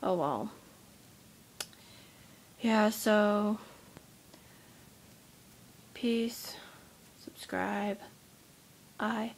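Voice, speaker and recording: A tired young woman with a headache, rambling in a soft, half-whispered voice as she vents to her vlog camera. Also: medium pitch, takes it slowly, creaky, long pauses, breathy edge. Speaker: vlogger. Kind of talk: casual rant to camera.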